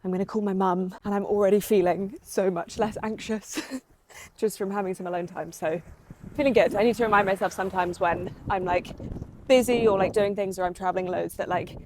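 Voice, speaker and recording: Young woman, casual vlogger, mellow chatty delivery, recorded on a phone outdoors. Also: medium pitch, steady tone, a little fast, slight background noise. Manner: chatty, upbeat, many fillers. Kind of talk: casual vlog chat. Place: outdoors on a run and walk.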